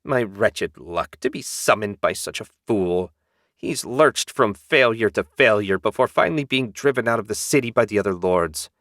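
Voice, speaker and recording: A man's voice: fairly low pitch, animated, moderate pace, fairly bright tone, no echo, clean studio sound. A man doing a whiny, bitter demon servant. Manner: whiny, grumbling, sarcastic. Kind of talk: audiobook character voice.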